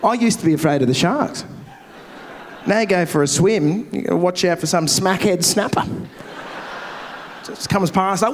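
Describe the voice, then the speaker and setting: A man's voice: high-pitched, a little hiss or hum. A young Australian man doing a brash, crude stand-up set on a festival stage, speaking into a handheld mic. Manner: brash, crude, rapid-fire. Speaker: stand-up comedian.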